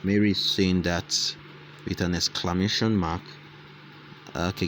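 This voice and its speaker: A man's voice: low voice, steady tone, measured pace, fairly bright tone, slight background noise. A man hosting a casual screen-recorded tutorial, thinking aloud and repeating his phrases as he dictates lines and punctuation. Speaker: tutorial host.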